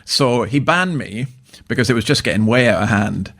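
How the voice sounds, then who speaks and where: With a mid-range, fairly bright voice, lively intonation and a moderate pace, the older guest minister from Scotland tells stories in a casual interview. His chatty delivery is full of chuckles and restarted sentences.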